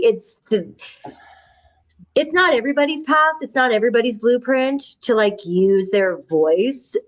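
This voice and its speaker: A woman hosting a casual spiritual chat, speaking earnestly and reflectively and often pausing to find her words. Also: on the high side, rough recording. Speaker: podcast host.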